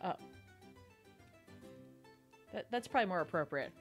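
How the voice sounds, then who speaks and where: A woman's voice: fairly low pitch, expressive, a little slow, soft background music. A young woman from New Jersey streaming a cooking game, giggly and chatty, thanking viewers and reading tutorial text aloud. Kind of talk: casual live-stream gaming chat.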